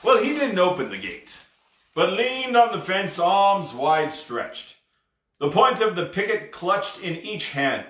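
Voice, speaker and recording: Bright-voiced man reading a story aloud. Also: sits high, takes it slowly, echoey room. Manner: expressive, with casual asides. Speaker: storybook reader.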